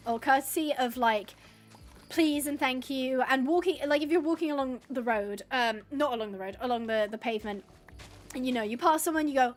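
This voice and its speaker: High-voiced chatty English woman streamer. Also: a little fast. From England. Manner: chatty and rambling, laughs often, reads chat aloud. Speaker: live-streaming gamer. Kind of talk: casual live-stream chat while gaming.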